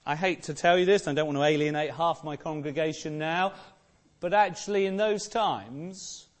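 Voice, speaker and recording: Male preacher, slightly high voice; earnest Easter sermon full of repeated rhetorical questions.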